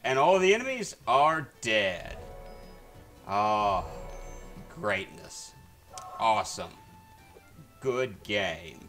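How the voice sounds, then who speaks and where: A man talks through a video game on a live stream, chatting casually to his viewers. He rambles and trips over his words, stacking up fillers and restarts. Soft game music plays quietly underneath. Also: lowish voice, sing-song, drawn-out words, pauses often. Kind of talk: casual gameplay commentary. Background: faint game music.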